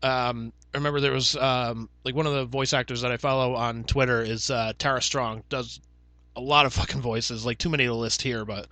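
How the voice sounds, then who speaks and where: A young man co-hosting a casual podcast, chatty and loose with his words, swearing freely between fillers. His voice is bright and forward, recorded close and dry with no room sound. Pitch sits in a middle range. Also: steady tone, brisk, dry recording. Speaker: podcast co-host. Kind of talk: casual chat.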